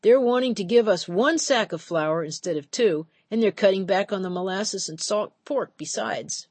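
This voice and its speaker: Woman voicing a burly fisherman, blunt, stubborn, loud. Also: medium pitch, normal speed, slightly rough, no room sound, close to an everyday voice. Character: stubborn male fisherman, blocky deckhand.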